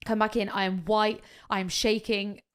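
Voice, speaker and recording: A podcast co-host tells a story during a casual chat, animated and swearing freely while acting out what other people said. Her voice is medium in pitch, clear and resonant, at a normal speed.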